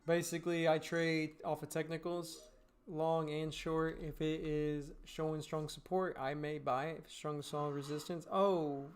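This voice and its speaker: A man's voice: a little high, completely flat delivery, moderate pace. A man streaming while gaming, chatting casually with viewers, swearing, laughing, and giving blunt trading advice. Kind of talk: casual livestream chat answering viewer questions.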